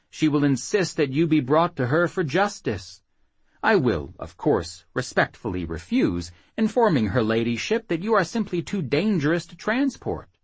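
A man voicing a haughty, cruel male captain in an audiobook, gloating and contemptuous, with a husky voice. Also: medium pitch, dry recording, pitched above the performer's own voice. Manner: gloating, contemptuous, drawn-out sneers.

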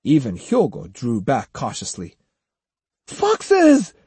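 Expressive guy reading an audiobook, husky and kinda dark, dry close sound. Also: medium pitch, moderate pace, dry recording. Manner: expressive, acts out each character. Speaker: audiobook narrator. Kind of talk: scripted narration.

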